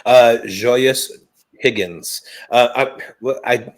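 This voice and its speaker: A man in easy podcast conversation, mid-pitched and lively. He tells stories with energy, acting out his own side of the conversations he recounts. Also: normal speed, poor audio. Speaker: fantasy football analyst. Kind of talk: casual podcast chat.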